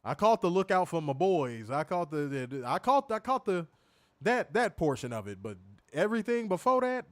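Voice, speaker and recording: Reading chat comments out loud and repeating himself, a man reviews wrestling live with casual profanity. His voice sits high and is very animated, his pace moderate, and there's no echo.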